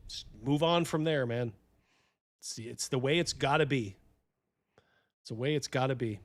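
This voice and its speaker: A man's voice: medium pitch, normal speed. Rambling, profane male host. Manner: rambling, profane, laughs a lot. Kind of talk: casual chat.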